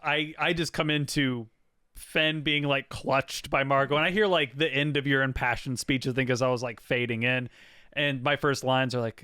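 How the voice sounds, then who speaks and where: A man's voice: mid-range voice, fairly even intonation, moderate pace, bright, forceful tone, clean tone, no room sound, studio quality. A man co-hosting a podcast, chatting casually in an easygoing, jokey way. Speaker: podcast co-host. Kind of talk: casual chat.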